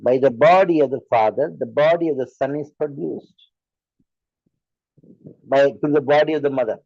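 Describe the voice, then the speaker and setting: A man's voice: mid-range voice, normal speed, vocal fry, dark tone, dry recording, lo-fi sound. A man with an Indian English accent giving a sermon as a spiritual teacher, driving his point home with repeated rhetorical questions.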